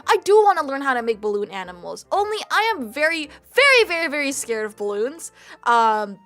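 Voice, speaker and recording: Young woman streamer rambling to chat, goofy and self-mocking, high bright voice. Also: very animated, a little fast, soft background music. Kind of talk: casual live-stream chat.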